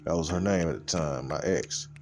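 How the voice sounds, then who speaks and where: Man with a very low voice, casual profane storytelling, light music behind. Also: normal speed, a little mellow. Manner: loose, profane, conversational; fillers like "you know what I'm saying". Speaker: podcast host.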